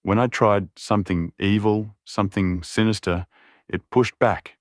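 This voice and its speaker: A man voicing a calm werewolf woman who speaks in a monotone. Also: on the low side, a little slow, no room sound, studio quality, natural voice. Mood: calm, uneasy. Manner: flat, monotone delivery. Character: worried young werewolf woman, calm seer.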